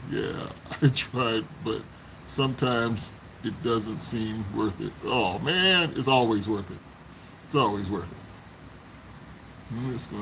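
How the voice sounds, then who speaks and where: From home on his phone, a man live-streams to his viewers, chatting and telling childhood stories while laughing often as he reminisces. His medium-pitched voice is gravelly and a bit bright, and the low-quality recording carries slight background noise.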